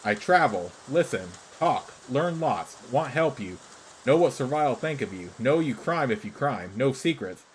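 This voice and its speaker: A man's voice: mid-range voice, expressive, normal speed, slight background noise, lightly acted, poor audio. A man voicing a shrewd, talkative male creature who wanders a fantasy game world, speaking in broken, clipped phrases. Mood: matter-of-fact. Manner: broken, clipped pidgin speech.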